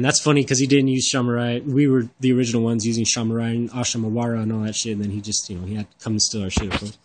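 A man's voice: mid-range voice, steady tone, moderate pace. A man delivering a rambling, profane, exasperated rant as a religious commentator reacting to another creator's videos, repeating himself as he gets worked up. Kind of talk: heated reaction rant over screen-shared videos.

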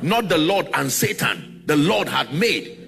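A man's voice: a little high, sing-song, a little slow, creaky, fairly bright tone, soft background music. A man preaching a sermon to a congregation, drawing responses from them and sliding into sung, chanted phrases. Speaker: pastor.

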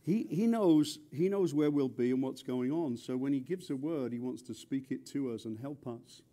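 A man's voice: medium pitch, normal speed, mellow. A man preaching a chatty, joking sermon, often stumbling and repeating words. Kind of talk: conversational sermon.

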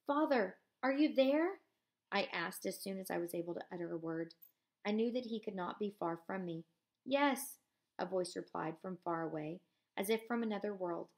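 A woman teacher reading a novel aloud in a measured voice, pausing for casual comments to her class. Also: on the low side, vocal fry.

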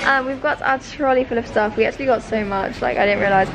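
A woman's voice: a little high, quick pace, a crowd in the background, rough recording. A woman chatting casually in a vlog, self-mocking and talkative. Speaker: vlogger.

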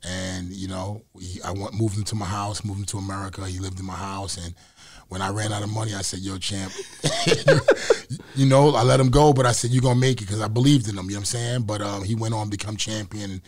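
A man's voice: fairly low pitch, animated, fairly quick. A middle-aged man from New York with a New York accent, talking in a loose, reflective way as an interview guest. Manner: reflective, loose, repeats phrases. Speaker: interview guest, former boxer. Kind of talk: casual interview talk.

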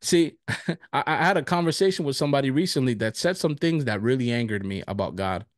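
A male pastor teaching a casual bible study, telling personal stories with frequent laughter and animated retelling. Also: medium pitch, brisk, no echo, studio quality.

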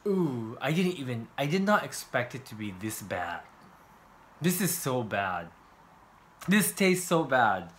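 A man hosts a casual taste-test vlog in a very lively voice, his pitch swinging widely as he exclaims. He talks straight to the viewers in an animated way. A faint noise sits under the recording. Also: unhurried. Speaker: vlog host. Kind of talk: casual chat, taste-testing.

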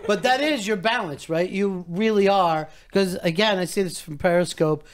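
A man's voice: high-pitched, moderate pace. A man hosting a casual radio interview, laid-back, dropping brief interjections and wry quips. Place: radio studio.

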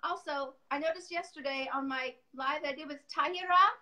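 A middle-aged woman, a furniture painter, speaking as a guest on a livestream; she talks loudly and rambles, poking fun at herself over a phone call. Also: high voice, fairly quick. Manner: talkative, loud, self-deprecating, rambling. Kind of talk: casual livestream chat. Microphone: phone on a video call.

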